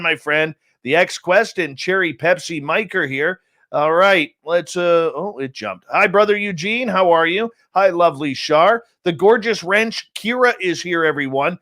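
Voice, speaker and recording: A man's voice: high voice, pushed and bright. Upbeat joking man hosting a stream. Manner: jokey, upbeat, rambling roll call with teasing nicknames. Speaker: radio show host. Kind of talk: casual live-stream chat, greeting chat room. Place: home studio in central British Columbia.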